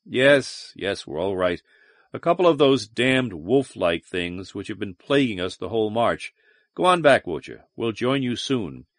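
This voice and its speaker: A weary soldier commander in an audiobook speaks in a low, clipped way, as a reader acts him out. He sounds brooding and hardened. The voice is close and dry, with no room around it. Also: lively intonation, a little slow, dry recording. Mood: gruff.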